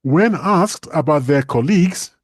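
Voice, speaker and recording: A man co-hosting a casual podcast discussion, chatty and animated, laughing often and restarting his sentences. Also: a little high, unhurried, husky, no echo, clean studio sound. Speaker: co-host.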